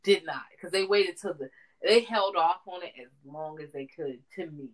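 Young woman, podcast co-host, casual chat, lower-pitched, animated and profane. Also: moderate pace, rough recording. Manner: animated, profane, emphatic storytelling.

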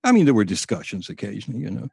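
An older man, a podcast guest, telling anecdotes in an animated, storytelling way. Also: mid-range voice, rapid-fire, vocal fry, husky, no room sound, studio quality. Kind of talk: podcast interview.

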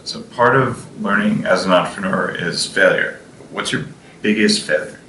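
A man hosting a casual interview, asking quick, eager questions. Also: on the low side, sharp tone. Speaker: podcast host. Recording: roomy and distant with faint noise.

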